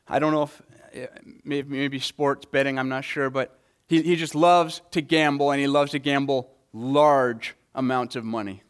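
A man's voice: medium pitch, steady tone, moderate pace, clean tone. Earnest man preaching a sermon. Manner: earnest, repeats words when stressing a point. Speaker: pastor.

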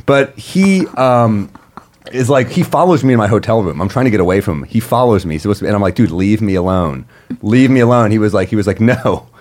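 A man's voice: fairly low pitch, fast talker. A man co-hosting a podcast, telling a comedy story and acting out the people in it. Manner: animated, acts out voices in stories. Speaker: comedian co-host. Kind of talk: casual storytelling.

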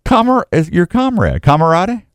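A man's voice: high voice, very animated, normal speed, clean tone, no room sound, clean studio sound. A man hosting a casual radio show, joking and rambling.

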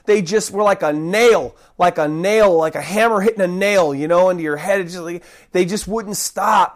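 A preacher giving a sermon, talking conversationally and acting out loud, desperate cries for help. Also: medium pitch. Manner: dramatic, acts out the cries of those he preaches about; conversational, rambling restarts.

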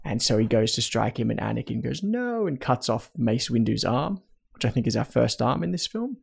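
Guy with a gravelly voice walking through a movie plot, casual podcast chat. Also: mid-range voice, a little fast. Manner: steady, detailed plot retelling. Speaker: podcast co-host. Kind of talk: casual chat recapping a film.

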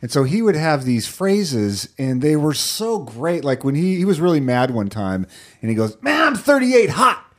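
A man's voice: mid-range voice, moderate pace. A middle-aged man co-hosting a chat show, telling stories and acting out what others said. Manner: animated storyteller, acts out quotes. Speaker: podcast co-host. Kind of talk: casual chat.

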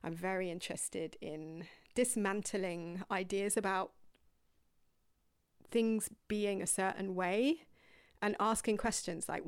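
A woman's voice: mid-range voice, steady tone, slow pace, clean tone, dry recording. Candid rambling woman, dry close sound. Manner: candid, rambling, laughs often, self-deprecating apologies. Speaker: yoga teacher and coach. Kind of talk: casual podcast monologue.

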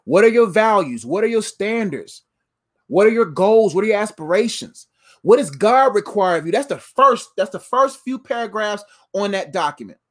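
This man's voice sits high and moves at a normal speed. His sermon is casual and motivational, full of animated, playful energy, repeated lines, and calls to the audience as "fam."

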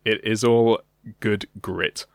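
Low-voiced young British man, casual chat. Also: takes it slowly, no echo, studio quality. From Britain. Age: young adult. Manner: relaxed, hesitant with many ums. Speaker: podcast co-host.

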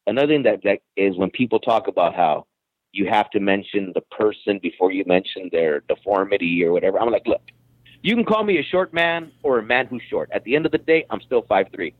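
A man's voice: lowish voice, a little fast, no echo. Blunt man on a tinny phone line. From Mexican-American background. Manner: blunt, repeats words when starting a thought. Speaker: guest. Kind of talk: casual podcast chat.

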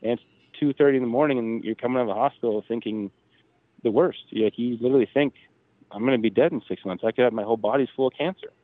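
A man's voice: medium pitch, fast talker, no room sound. A man in his thirties, a podcast guest, casually telling a personal story and acting out the dialogue. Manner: animated retelling, acting out quoted dialogue. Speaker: podcast guest, drag racer. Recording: tinny phone-line sound.

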